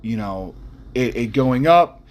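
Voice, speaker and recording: A man's voice: mid-range voice, animated, slow, darkish tone. A man hosting an unscripted podcast who rambles bluntly, with lots of fillers and restarts, and throws in mild profanity and jokes. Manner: mildly profane, jokey asides. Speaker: podcast host.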